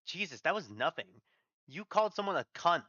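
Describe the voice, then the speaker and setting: A man's voice: fairly high pitch, sing-song, a little fast, sharp tone, dry recording. A man voicing a laid-back, blunt doctor colleague who talks casually, on dull lo-fi audio. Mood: offhand.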